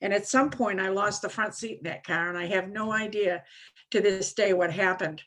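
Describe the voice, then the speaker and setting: A woman's voice: mid-range voice, moderate pace, a bit bright. Older woman telling her recovery story. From Maine. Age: 70s. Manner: rambling storytelling, frequent "you know", self-mocking. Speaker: speaker at a recovery conference. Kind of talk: personal recovery story talk.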